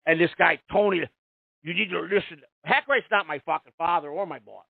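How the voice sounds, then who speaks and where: Man, radio call-in host. High and lively voice, profane and rambling, tinny dry line. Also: a little fast, vocal fry, no room sound. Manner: profane, rambling and heated, with many restarts. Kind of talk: casual call-in radio talk.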